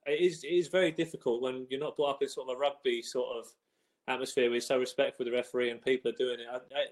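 A man's voice: medium pitch, steady tone, very fast, low-quality recording. A young man who plays football, talking on a podcast, hesitant with many restarts. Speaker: footballer guest. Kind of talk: casual sports chat.

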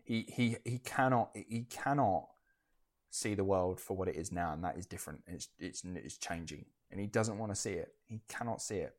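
A man's voice: low voice, normal speed. A man hosting a casual history podcast, blunt and sweary, stumbling over restarts as he talks. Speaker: podcast host.

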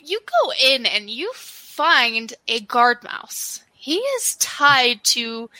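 A woman narrating as game master of a tabletop game, chatty and halting, with frequent fillers. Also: on the high side, very animated, sharp tone, dry recording, low-quality recording.

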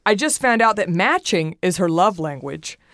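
A woman's voice: fairly low pitch, expressive, moderate pace, fairly bright tone, no echo, clean studio sound. A woman in her thirties with a Southern American accent, hosting a casual beauty podcast in a bubbly, playful, self-mocking way. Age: 30s. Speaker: podcast host.

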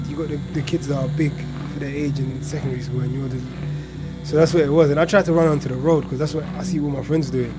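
A young man from East London with a local accent, quietly telling a personal story in a reflective way, often trailing off at the ends of his lines. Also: a little high. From Hackney, East London. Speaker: interviewee.

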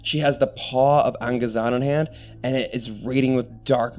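Male game master, casual descriptive narration, mid-pitched, soft music bed. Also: steady tone, normal speed. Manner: casual, descriptive, uses fillers.

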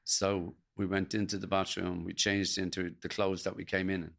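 An older Irish man recounts his story as an interview guest, speaking plainly and earnestly. His voice sits fairly low and carries a gravelly rasp. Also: little pitch movement, normal speed, a bit bright. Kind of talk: personal storytelling in a podcast interview.

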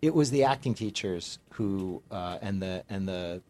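A middle-aged man, a guest in a casual conversation, telling stories in a rambling, halting way and mocking himself. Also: low-pitched, a little mellow. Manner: rambling storyteller, halting with fillers, self-mocking.

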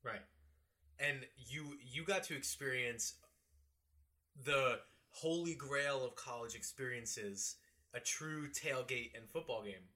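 Bright-toned young man chatting casually. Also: mid-range voice. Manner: relaxed, laughs along, quick asides. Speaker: podcast co-host. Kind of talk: casual chat.

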